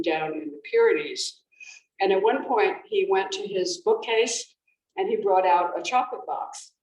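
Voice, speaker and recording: A woman's voice: on the low side, darkish tone. A woman author giving a talk at a library, telling a story conversationally with restarts and fillers. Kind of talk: conversational presentation. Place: library event room. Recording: roomy, distant, faint background noise.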